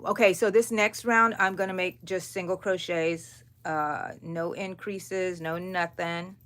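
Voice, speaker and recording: Slow-talking woman hosting a crochet stream. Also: on the low side, steady tone. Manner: chatty, counts stitches aloud softly. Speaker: crochet channel host. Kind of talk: live crochet stream chat.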